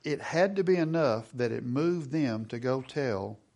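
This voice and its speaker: A middle-aged man preaching a sermon. He reads scripture aloud, asks the congregation questions and slows down for emphasis. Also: medium pitch, expressive, gravelly, a little mellow. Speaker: pastor.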